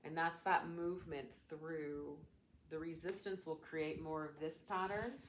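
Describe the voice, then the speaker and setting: A woman talking as a spiritual coach in a casual, gentle, reflective teaching style. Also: sits low, a little hiss or hum. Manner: gentle, soothing, reflective, with chatty fillers.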